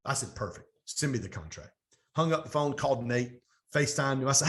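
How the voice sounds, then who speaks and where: A middle-aged man, a business coach and guest on an interview show, telling stories with energy and acting out the quoted talk of others. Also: mid-range voice. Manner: energetic, fast storytelling with animated quoted dialogue. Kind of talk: storytelling interview.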